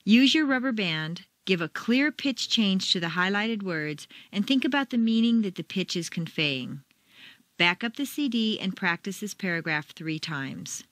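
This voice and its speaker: American woman, accent-training narrator, very animated intonation, dry close-miked studio read. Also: medium pitch, a little slow, dry recording. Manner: exaggerated intonation for demonstration. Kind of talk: scripted instructional reading.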